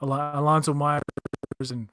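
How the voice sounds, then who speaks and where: A podcast co-host venting in a loose, frustrated rant, dropping swear words freely and often restarting mid-sentence. The voice sits at a middling pitch and the recording is dry, with no room sound. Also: flat delivery, measured pace, fairly bright tone, clear, resonant tone, no room sound. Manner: ranting, frustrated, profane. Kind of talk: casual chat.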